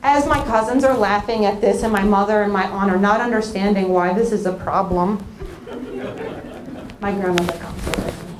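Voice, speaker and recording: A young woman telling a comic story on stage, animated and sarcastic, at a live venue. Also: mid-range voice, normal speed, some chatter behind, a little hiss or hum.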